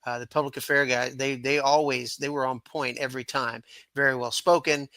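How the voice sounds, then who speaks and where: Bright-voiced podcast host. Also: male voice, medium pitch, fairly even intonation, brisk, no echo. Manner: earnest, searching for words. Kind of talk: casual interview chat.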